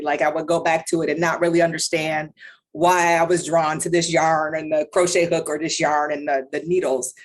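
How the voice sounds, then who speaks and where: A woman, a yarn shop owner and podiatrist, telling her story in a chatty interview with rambling asides and frequent laughs. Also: deep voice.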